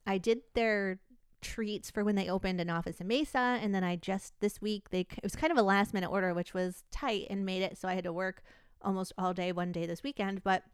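A woman's voice: medium pitch, steady tone, brisk, clean tone, no room sound, studio quality. A woman co-hosting a casual podcast, chatting in a rambling way and laughing often as she tells stories. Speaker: podcast co-host. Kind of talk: casual chat.

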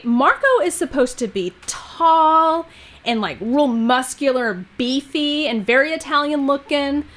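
A woman's voice: sits high, fairly bright tone. A woman co-hosting a podcast in casual chat, blunt and profane, mocking as she talks. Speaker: podcast co-host.

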